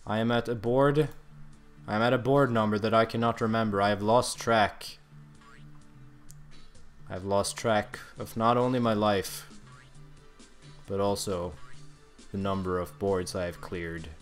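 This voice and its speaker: Slow, mock-solemn male gamer. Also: on the low side, soft background music. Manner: mock-solemn, grandiose deadpan musings. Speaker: gameplay commentator. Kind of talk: comedic gameplay commentary.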